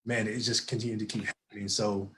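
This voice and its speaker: A man from Florida, speaking as a guest in a relaxed, conversational way. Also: on the low side, quick pace. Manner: relaxed, conversational, repetitive phrasing.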